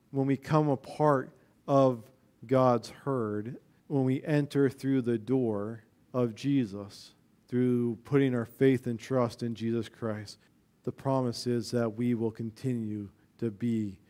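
A man preaching a sermon as pastor, rising to loud emphatic passages and dropping to quiet, low stretches. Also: clear, resonant tone.

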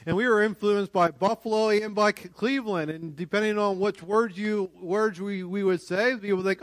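High-voiced Pennsylvania preacher, dry sound. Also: male voice, fairly quick, few pauses, no echo. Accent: western Pennsylvania. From northwest Pennsylvania. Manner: animated, acts out quoted voices, rises to loud emphasis then drops low. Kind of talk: sermon.

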